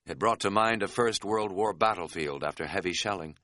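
Wry male audiobook narrator, low, bright tone, dry sound. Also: normal speed, no echo. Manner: wry, dry-humored storytelling.

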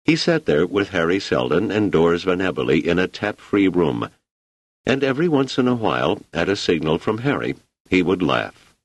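A deep-voiced male narrator reading a novel with wide, animated swings of pitch. The recording is dry and close, with no room sound at all. He tells the story with expressive, scripted storytelling. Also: normal speed, no room sound. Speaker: audiobook narrator.

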